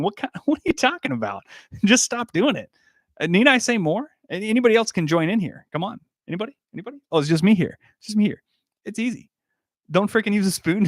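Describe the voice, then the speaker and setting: A man's voice: on the high side, no room sound, clean studio sound. A young man hosting a casual livestream, reading chat comments and laughing often. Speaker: livestream host answering chat.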